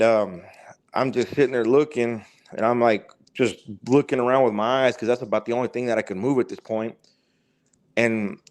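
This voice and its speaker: A man's voice: on the low side, darkish tone. Rambling man telling a wild story. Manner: rambling, halting, swears freely. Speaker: guest. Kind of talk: casual storytelling.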